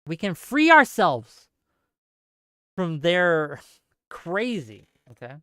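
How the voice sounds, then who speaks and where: A man hosting a political livestream, his voice smooth and crisp on a close mic. He speaks with passion, says points twice over and keeps asking his audience "right?" The sound is dry, with hardly any room around it. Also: on the high side, huge pitch swings, very slow, pushed and bright, dry recording. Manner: impassioned, repeats himself for emphasis; checks in with listeners with "right?". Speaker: livestream host.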